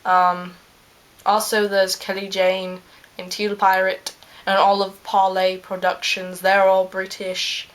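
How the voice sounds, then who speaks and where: A woman plays a smug male scientist who rambles along in an in-character fan video. He takes his time over every line, drawls slowly and pads his thoughts with ums. His pitch sits at an ordinary middle height. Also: completely flat delivery, lightly acted. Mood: rambling.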